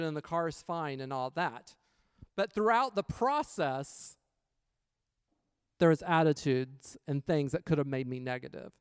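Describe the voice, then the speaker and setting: Smooth-voiced man telling a story. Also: fairly high pitch, dry recording, studio quality. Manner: chatty, retells scenes with quoted dialogue, faith-based reflection. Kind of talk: casual personal storytelling.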